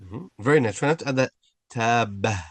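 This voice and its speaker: A man teaching an online Arabic class, patiently correcting pronunciation and repeating sounds slowly. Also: medium pitch, lively intonation, slightly rough, dry recording. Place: video call.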